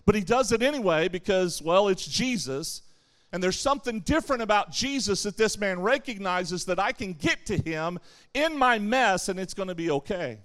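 At normal speed and in a high voice, a man serving as camp speaker gives a lively sermon to young campers. He voices the people he quotes and responds to the questions he poses himself.

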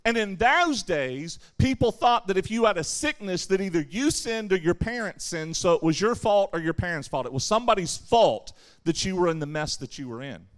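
A man preaching a sermon to young people at a camp, lively, acting out the voices he quotes and answering his own questions. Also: high voice, moderate pace, few pauses. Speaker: camp speaker.

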